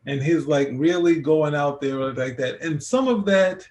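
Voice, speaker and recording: A man's voice: fairly high pitch, unhurried, darkish tone. A man co-hosting a casual review chat, rambling with many restarts as he thinks aloud. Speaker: podcast co-host.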